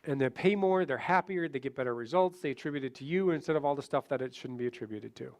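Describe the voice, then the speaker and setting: A man giving a sales training seminar, animated, acting out short client conversations as he teaches. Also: medium pitch, fast. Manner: animated, acts out client dialogue. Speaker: seminar speaker.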